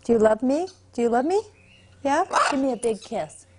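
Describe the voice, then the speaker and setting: A woman's voice: fairly high pitch, expressive, moderate pace, noisy background. A woman and parrot owner coaxing her pet bird in sing-song baby talk.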